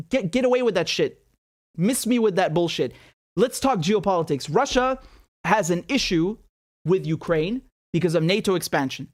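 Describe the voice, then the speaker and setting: A man hosting a livestreamed political commentary show, ranting in an animated, exasperated way with sarcastic asides. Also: high voice.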